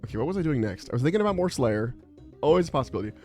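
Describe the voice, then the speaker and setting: A man's voice: medium pitch, big pitch swings, very fast, darkish tone. Young guy streaming, rambly and sweary, kinda exasperated, bit of music under it. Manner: profane, rambling, exasperated storytelling. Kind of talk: casual livestream chat.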